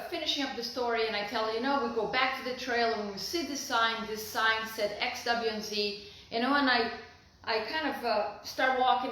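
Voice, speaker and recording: A woman's voice: a little high, fairly bright tone. Woman rambling in an echoey room. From Brazil. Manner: rambling, heartfelt, many fillers and restarts. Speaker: vlogger. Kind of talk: personal storytelling to camera.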